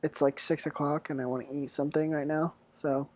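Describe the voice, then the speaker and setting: A man's voice: on the high side, little pitch movement, a little fast, a little mellow. A young man hosting a casual podcast chat, joking and teasing his guests and laughing often. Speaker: podcast host.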